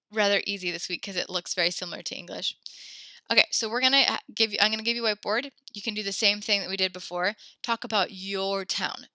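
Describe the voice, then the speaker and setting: A woman's voice: medium pitch, bright, forceful tone, no room sound, studio quality. A woman teaching an online class, talking casually, correcting herself and encouraging her students. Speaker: French teacher.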